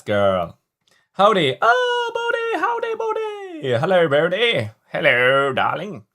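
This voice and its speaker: A man's voice: mid-range voice, a bit bright. A man hosting a livestream, chatting casually and rambling as he reads viewer comments. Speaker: livestream host.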